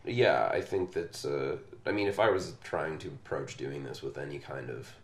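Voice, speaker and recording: Deep-voiced male podcast host, rambling. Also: normal speed, vocal fry. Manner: relaxed, rambling, lots of fillers. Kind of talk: casual conversation.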